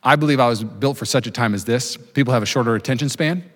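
Fast-talking, jokey pastor preaching in a reverberant hall. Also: male voice, medium pitch. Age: 30s. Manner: fast-talking, jokey, self-deprecating asides. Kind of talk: sermon. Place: church auditorium with live congregation.

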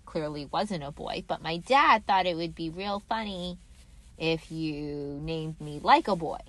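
A woman in casual podcast chat, telling a story with wry, quick asides. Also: low voice.

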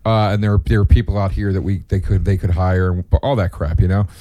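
A man's voice: low-pitched, steady tone, fairly quick, dry recording, dull audio. A man hosting a casual chat, telling stories in a rambling way with many fillers and restarts. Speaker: comedian and podcast host.

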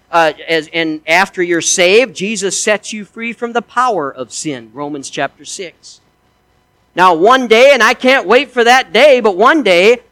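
A man preaching, his voice sitting high for a man. He builds to emphatic, rising peaks and then drops into quiet asides. The sound is close and dry, with no room echo. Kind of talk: sermon.

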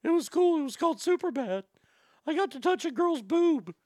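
A man putting on a mocking, awkward, high falsetto impression of a shy young male actor. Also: animated, moderate pace, warm tone, no echo.

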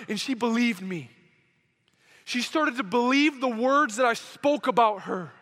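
A man's voice: extremely high pitch, normal speed, bright, forceful tone. A young man preaching a sermon, telling a story with emotion and acting out quoted dialogue. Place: church service hall. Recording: hall reverb.

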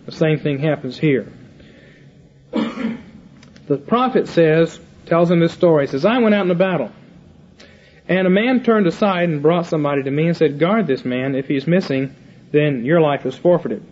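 A man's voice: fairly high pitch, moderate pace, long pauses, a little mellow. An older man giving a Bible teaching lecture, retelling scripture in casual paraphrase and acting out the dialogue himself. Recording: muffled lo-fi recording.

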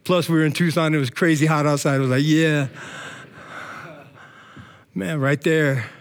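A middle-aged man preaching an energetic sermon in a church, breaking into shouts of praise and casual slang. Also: on the high side, moderate pace. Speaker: pastor.

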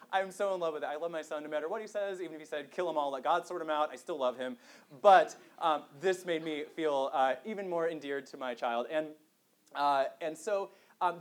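A man giving a conversational public lecture to a live audience, self-deprecating and full of fillers. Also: on the high side.

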